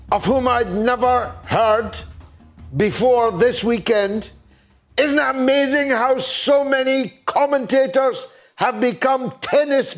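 An older man hosting a talk show, delivering a wry, sardonic opinion monologue. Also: very high voice.

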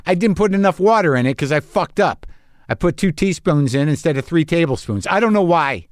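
A man's voice: fairly high pitch, no echo, studio quality. Swearing man on a self-mocking rant. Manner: profane, self-deprecating ranting. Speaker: podcast host. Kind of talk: comic monologue.

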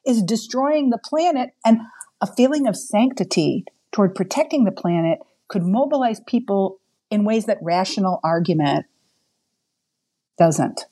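A woman's voice: mid-range voice, expressive, measured pace, dark tone, husky. Earnest woman guest in an interview. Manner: earnest and emphatic. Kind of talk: conversational interview.

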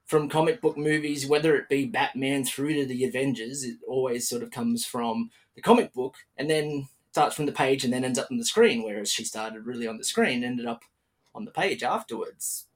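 A man's voice: medium pitch, normal speed. Chatty Australian man hosting a podcast. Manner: chatty, upbeat, many fillers and restarts. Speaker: podcast host. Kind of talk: casual podcast interview.

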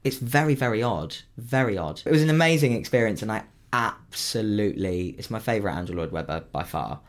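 A young man, a musical theatre performer, chatting casually and telling animated stories. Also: a little fast. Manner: animated storytelling with big pitch leaps. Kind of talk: casual chat.

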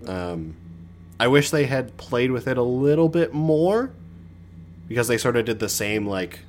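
A man co-hosting a casual movie review podcast, talking in a relaxed, thoughtful way with the odd swear. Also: mid-range voice, unhurried, a little hiss or hum. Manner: relaxed, thoughtful, lightly profane. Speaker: podcast co-host.

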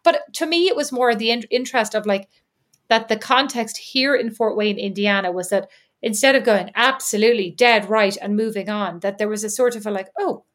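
A woman's voice: mid-range voice, fairly quick, fairly bright tone. A woman, co-hosting a podcast and telling stories in casual chat with plenty of asides and fillers. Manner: chatty storyteller with lots of fillers and asides. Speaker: podcast co-host. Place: lives in Indiana.

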